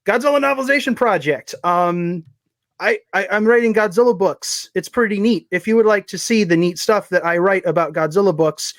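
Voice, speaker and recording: A man's voice: high voice, fairly quick, no room sound, studio quality. A man chatting casually as a podcast guest, rambling and self-deprecating as he plugs his writing. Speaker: guest, fiction writer.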